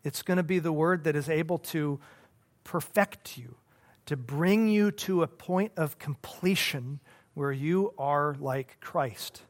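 Leading a Bible study, the male pastor comes across as earnest and conversational, though he halts and restarts again and again. His voice runs a little high.

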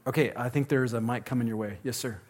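A man's voice: mid-range voice, fast. A man speaking at a live question-and-answer session, conversational and joking, often restarting his sentences. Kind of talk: live Q&A talk.

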